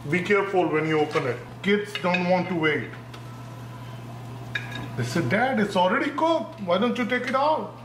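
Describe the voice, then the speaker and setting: A man with a high, somewhat bright voice hosts a cooking video, narrating each step along with its timing. He keeps reminding viewers to be careful in their home kitchens. The recording has room echo and faint noise.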